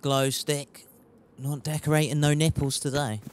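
A man's voice: medium pitch, unhurried, slight background noise. A young man streaming a survival game live, rambling and joking, swearing casually and greeting viewers from chat.

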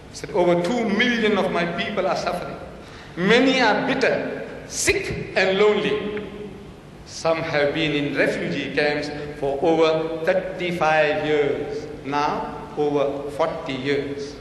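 High-voiced older guy debating, booming hall, mic far off. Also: fairly bright tone, a little hiss or hum. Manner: emphatic, quoting and mocking his opponent. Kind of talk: public debate speech. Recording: echoey hall recorded from afar.

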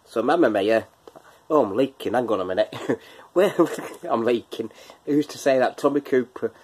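A man's voice: medium pitch, expressive, moderate pace, darkish tone, breathy edge. A man hosting a casual quiz from his kitchen, chatty, laughing often and breaking into bits of song. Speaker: quiz host. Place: home kitchen.

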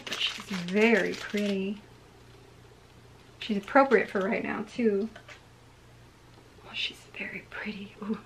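A woman's voice: mid-range voice, a little hiss or hum. A woman collector gushing through a casual unboxing vlog at home, talking into a handheld camera. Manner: gushing, excitable. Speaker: collector vlogger.

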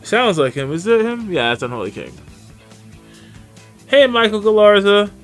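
A chatty male streamer talking through live gameplay, his fairly high voice bouncing around with lively swings. Faint music plays under his talk. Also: moderate pace. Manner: chatty, greets viewers by name. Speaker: gaming streamer.

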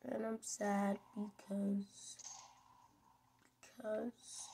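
A woman's voice: mid-range voice, completely flat delivery, very slow, mellow, slight background noise. A woman giving playful, rambling commentary over her gameplay, giggling often. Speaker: gaming video creator.

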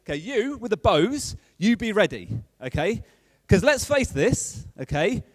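A man playing a biblical leader who rallies armed defenders on a city wall in a rousing, shouted speech. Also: high-pitched, no room sound, studio quality, long reverb tail, voice pushed up.

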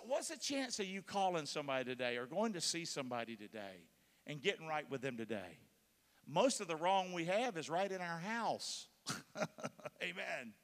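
A man's voice: high voice, a bit bright. A middle-aged man preaching a sermon, leading the congregation in prayer and pressing them to answer back. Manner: emphatic, leads prayer, calls on the congregation. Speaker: pastor. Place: large church hall. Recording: long hall reverb from a church.

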